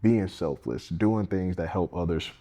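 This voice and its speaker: A man's voice: low voice, measured pace, dark tone. A man, a candidate speaking earnestly and plainly in a casual interview, often restarting his sentences. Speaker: congressional candidate and firefighter.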